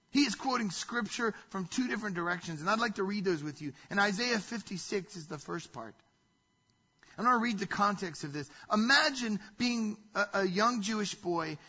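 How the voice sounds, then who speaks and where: A man's voice: high voice, sharp tone, husky, muffled recording. A man preaching a sermon, telling a scripture story and building to emphatic bursts. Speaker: pastor.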